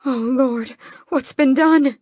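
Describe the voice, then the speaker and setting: Woman reading as a haughty vampire mother, theatrical, raised pitch, dry studio sound. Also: slow, a little mellow, dry recording. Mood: alarmed. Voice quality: dramatic, theatrical. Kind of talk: audiobook character voice.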